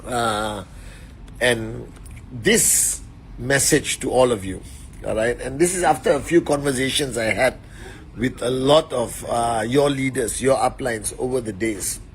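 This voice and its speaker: A man hosting a motivational live stream on his phone indoors, greeting viewers warmly and giving shout-outs. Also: mid-range voice, measured pace, slight background noise. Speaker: network marketing leader.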